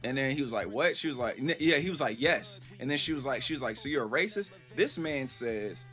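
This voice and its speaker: A man telling a story casually to his live stream chat, animated and rambling, acting out the voices he quotes. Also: medium pitch, a little fast, soft background music.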